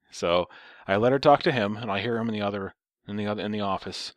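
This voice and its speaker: A man's voice: on the low side, a little fast, no echo. A young man telling a rambling, profane, sarcastic story in casual chat. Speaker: storyteller vlogger.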